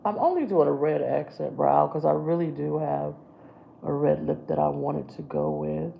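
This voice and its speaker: A woman's voice: sits low, normal speed, creaky, phone-quality sound, a little hiss or hum. A woman hosting a casual makeup livestream, chatting to viewers as she works on her brows. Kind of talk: casual live makeup chat.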